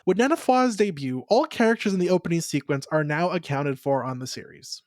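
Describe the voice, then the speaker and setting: A laid-back woman with a low voice co-hosts a cartoon recap podcast, dropping casual swears and deadpan asides. She is recorded close up in a dry room with no echo. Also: fairly quick. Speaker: podcast co-host.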